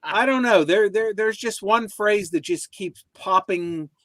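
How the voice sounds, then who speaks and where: A man co-hosting a relaxed live chat show, with a slightly high voice. He speaks in a dry, close sound with no room echo, trading wry remarks with the others. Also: unhurried. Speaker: co-host.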